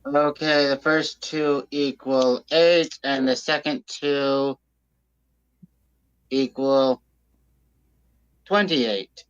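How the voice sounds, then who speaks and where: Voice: mid-range voice, fairly even intonation, extremely slow, pauses often, clean tone, highs cut off. A tabletop game player speaking in a matter-of-fact, emphatic way. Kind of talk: playing a tabletop game, casual.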